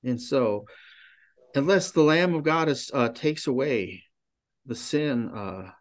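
A man's voice: medium pitch, animated, slow pace. A male pastor giving a conversational sermon, full of rhetorical questions and frequent restarts.

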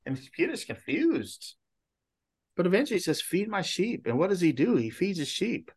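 A man's voice: sits high, wildly swooping pitch, moderate pace, darkish tone, husky. A male pastor giving a conversational sermon, full of rhetorical questions and frequent restarts.

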